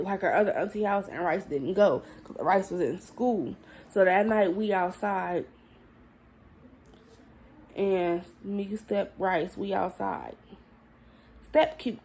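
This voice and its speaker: Young woman w/ an AAVE rambling thru a storytime, bit of fry in her voice, faint hiss behind. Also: mid-range voice, darkish tone. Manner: candid, rambling, swears freely, addresses viewers as y'all. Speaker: vlogger telling a story. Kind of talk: casual storytime chat to camera.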